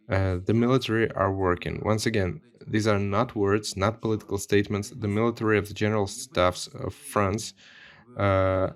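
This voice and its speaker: Deep-voiced man giving an earnest statement. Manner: earnest, emphatic, repeats key points. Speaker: member of parliament. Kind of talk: video statement. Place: recorded separately from the studio.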